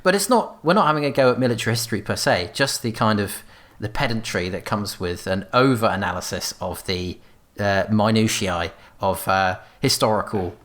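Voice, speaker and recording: A man co-hosting a podcast, talking casually and thinking aloud with many pauses and fillers. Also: fairly low pitch, a bit bright. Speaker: podcast co-host.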